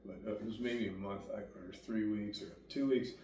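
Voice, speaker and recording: A man's voice: fairly low pitch, moderate pace. A young man casually telling a rambling, profane story, acting out what others said to him. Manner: acts out quoted dialogue with lively voices. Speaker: guest sharing recovery story. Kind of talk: casual conversation. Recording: echoey room, distant mic, faint background noise.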